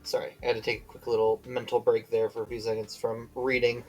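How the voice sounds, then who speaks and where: A man's voice: medium pitch, monotone, fast, darkish tone, faint music behind, rough recording. Tired man reading game lines aloud. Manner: reads aloud with slips and self-corrections, breaks off to chat. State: tired and yawning. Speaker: streamer. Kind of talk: reading game dialogue aloud on a live stream.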